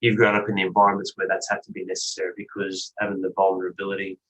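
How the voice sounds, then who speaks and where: A man's voice: deep voice, completely flat delivery, very fast, a bit bright, poor audio. A man hosting a podcast, asking questions in a casual, affirming way. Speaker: podcast host. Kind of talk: interview questions, casual chat.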